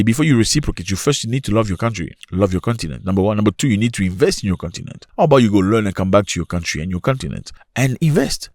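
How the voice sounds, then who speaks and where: A man's voice: fairly low pitch, dry recording, clean studio sound. A man from Africa giving impassioned opinion commentary, firing off rhetorical questions to his viewers.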